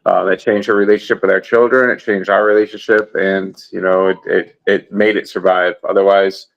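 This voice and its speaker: A man co-hosting a podcast, talking in a halting, reflective way. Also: sits low, little pitch movement, vocal fry, highs cut off. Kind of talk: casual chat.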